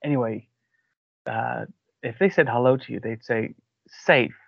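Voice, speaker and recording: A man's voice: medium pitch, normal speed, gravelly, dry recording. Host, male, Cardiff Welsh accent, chatty rambling anecdotes, dead-dry muffled recording. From Cardiff, Wales. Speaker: podcast host. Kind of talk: casual interview chat. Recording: dull, lo-fi, dry sound.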